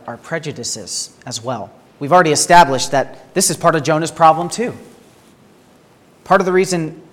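A pastor preaching a sermon in an earnest way, asking rhetorical questions and often repeating words as he starts a phrase. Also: mid-range voice. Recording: long hall reverb.

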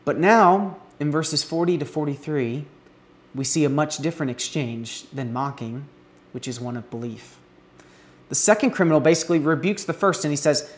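A man's voice: a little high, lively intonation. Earnest male preacher giving a sermon. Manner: earnest, rising emphasis on key words with some halting restarts. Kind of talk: expository sermon.

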